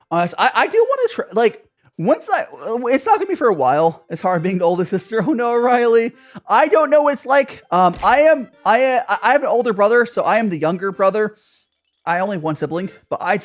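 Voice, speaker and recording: Bubbly woman streamer, lively pitch. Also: fast talker, faint music behind. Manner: bubbly, laughs often. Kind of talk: casual chat stream.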